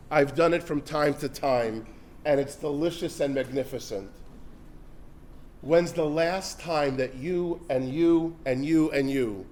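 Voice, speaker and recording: High-voiced rabbi giving a lively lecture. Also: male voice. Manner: animated, builds to loud urgent peaks then drops soft; sprinkles religious terms into plain talk. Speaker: rabbi lecturing at a parenting event. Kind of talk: storytelling lecture. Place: synagogue hall before an audience.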